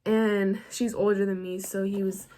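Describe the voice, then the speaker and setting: A woman's voice: medium pitch, little pitch movement, moderate pace, noisy background. A young woman vlogger telling a story to camera in a casual, chatty way, full of slang and "like.". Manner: chatty, filler-heavy slang, frequent "like".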